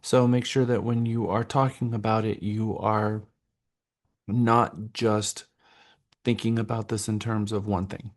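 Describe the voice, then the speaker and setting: A man's voice: on the low side, flat delivery, a little slow. A man leading a live real estate workshop and giving instructions to participants, talking in a directive, stop-and-start way with fillers.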